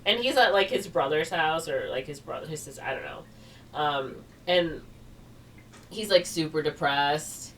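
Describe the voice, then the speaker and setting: Low-voiced woman chatting from a distance. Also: lively intonation, normal speed, a bit bright. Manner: rambling, filler-heavy with frequent "like" and laughs. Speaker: podcast co-host. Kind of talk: casual chat retelling a movie plot. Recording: distant mic with faint noise.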